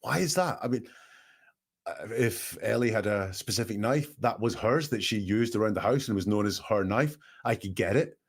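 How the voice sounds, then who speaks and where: A man's voice: lowish voice, expressive, moderate pace, breathy edge. A man hosting a show, analyzing recorded words in a questioning, emphatic manner. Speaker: statement analyst host. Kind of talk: analytical commentary.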